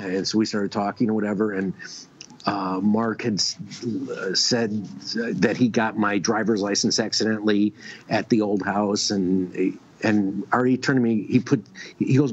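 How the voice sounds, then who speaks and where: A man with a low voice rambles through a story on a casual radio show. His sentences stop and restart around lots of fillers. The stream audio sounds dull and lo-fi. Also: steady tone, moderate pace, husky. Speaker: guest.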